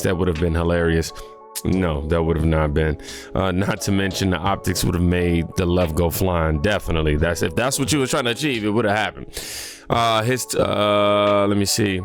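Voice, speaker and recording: A man's voice: sits low, steady tone, fairly quick, soft background music. A man giving casual political commentary in a conversational way, with frequent fillers.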